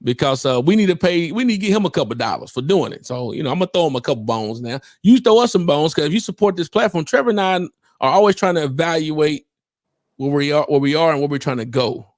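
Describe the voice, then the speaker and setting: A man co-hosting a podcast in casual chat, animated and quick to mimic people and laugh. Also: a little high, dry recording, clean studio sound. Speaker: podcast co-host.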